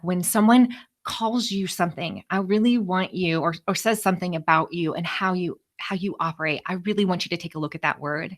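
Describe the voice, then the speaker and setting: A woman speaker telling a personal story to a group in an expressive, animated way. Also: on the low side, normal speed. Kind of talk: storytelling talk to a live group.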